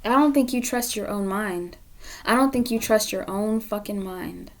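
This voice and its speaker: Woman doing a tarot reading, swears a lot, repeats herself, goes from loud to near whisper, middle-pitched voice. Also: normal speed. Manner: blunt and profane, repeating phrases for emphasis; swings between loud emphasis and hushed, near-whispered asides. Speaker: tarot reader. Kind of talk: pick-a-card tarot reading to camera.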